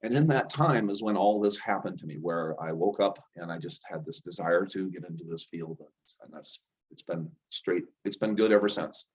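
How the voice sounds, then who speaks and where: A man's voice: low voice, normal speed. A man, a chiropractor and healer guest, telling rambling stories in a casual interview and acting out quoted dialogue. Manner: rambling, restarts often, acts out quoted dialogue. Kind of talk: conversational storytelling. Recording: dull lo-fi sound.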